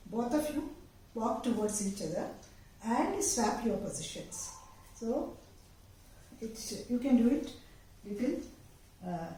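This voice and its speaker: A woman's voice: a little high, warm tone. Woman teaching dance in a very echoey room. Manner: patient, explanatory, pauses with fillers while demonstrating. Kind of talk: step-by-step dance instruction. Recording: very echoey room, voice far from the mic, faint noise.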